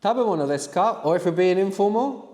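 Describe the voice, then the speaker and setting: A language teacher leads a live workshop in a reverberant room full of students, explaining slowly and prompting them to answer. His high voice is a little mellow, with lively intonation.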